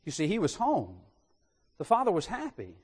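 A man preaching a sermon in an animated way, putting rhetorical questions to his congregation. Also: a little high, normal speed, slightly rough, in a large hall.

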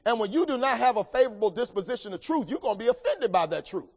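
A man preaching a sermon, swinging between loud emphatic lines and hushed, low passages. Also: expressive, fast talker, slightly rough, in a large hall.

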